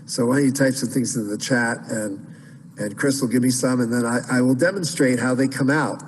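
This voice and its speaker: A man's voice: medium pitch, a little fast, long reverb tail, slight background noise, poor audio. A man teaching Byzantine chant in an online class, explaining casually with many fillers and restarts.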